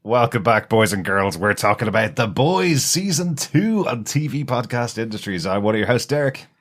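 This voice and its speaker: A man's voice: medium pitch, sing-song, moderate pace. A man hosting a podcast in casual chat, talkative, laughing often and filling gaps with "uh". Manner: chatty, laughs often, frequent "uh" fillers. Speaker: podcast host.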